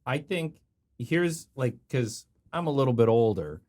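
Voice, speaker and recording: A middle-aged comedian from Canada hosts a loose podcast chat. His pitch swings widely as he jokes. He teases and riffs playfully, with a mid-range male voice. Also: animated, unhurried, darkish tone. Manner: joking, playful teasing.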